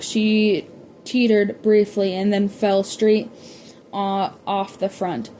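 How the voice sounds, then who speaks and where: A woman's voice: medium pitch, dark tone, slight background noise. A woman reading a novel aloud, often stumbling and correcting herself as she goes. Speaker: audiobook reader.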